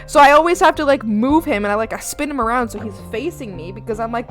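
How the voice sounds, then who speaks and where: A young woman streaming her art from home, chatting casually with viewers, giggling often and yelling playfully at her pets. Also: high voice, animated, fast, hardly any pauses, loud music behind the voice. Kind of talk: casual live-stream chat.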